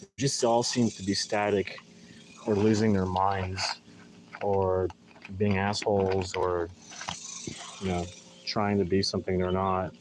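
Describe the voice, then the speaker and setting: Low-voiced man, sarcastic garden vlog chat. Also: flat delivery, measured pace, pauses often, background noise. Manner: rambling, sarcastic mock enthusiasm. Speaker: gardening vlogger. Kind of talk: casual live vlog chat while potting plants. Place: outdoor garden. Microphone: phone held in hand.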